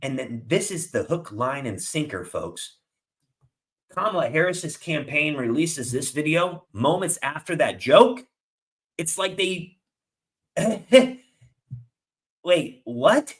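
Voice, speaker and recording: A man's voice: on the high side, very animated, takes it slowly, long pauses. A man recording a reaction commentary video, ranting heatedly and angrily at the clips he plays. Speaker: political commentator.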